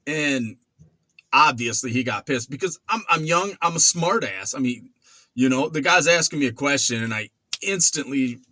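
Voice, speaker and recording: A man's voice: medium pitch, moderate pace, dry recording. Man in his forties telling a story. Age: 40s. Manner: animated, acts out quotes and sound effects. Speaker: vlogger. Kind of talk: casual storytelling.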